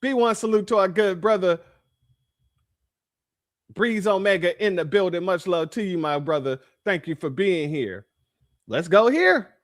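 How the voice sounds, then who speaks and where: A man hosts a livestream, talking to his chat in an emphatic commentary style. His voice sits high for a man, and he drives points home by repeating them. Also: lively intonation, unhurried, pauses often. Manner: emphatic, repeats phrases, addresses chat as family. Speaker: livestream host.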